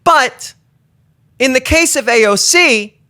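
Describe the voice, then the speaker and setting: A man from the Baltimore area hosting a show, delivering an animated, profane, rambling comedic rant. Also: very high voice, takes it slowly, clean tone. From Baltimore area, USA. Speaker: show host.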